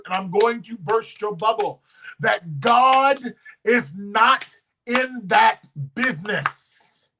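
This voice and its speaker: A man in his thirties preaching a sermon as pastor, testifying with feeling and swinging from hushed moments to loud, drawn-out shouts. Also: high voice, slightly rough, low-quality recording. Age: 30s. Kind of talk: emotional sermon.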